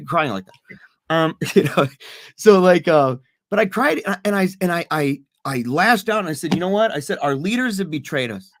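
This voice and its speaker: A man's voice: fairly high pitch, animated, normal speed, slight background noise. A man co-hosting a casual podcast, talking earnestly and animatedly, often laughing and repeating himself. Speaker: podcast co-host.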